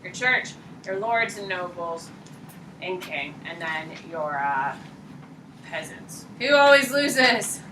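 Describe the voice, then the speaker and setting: A woman teaching a high school history class, quizzing students by name in a blunt, casual way. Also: lively intonation, takes it slowly. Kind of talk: classroom lecture and questioning. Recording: echoey classroom, distant mic, light noise.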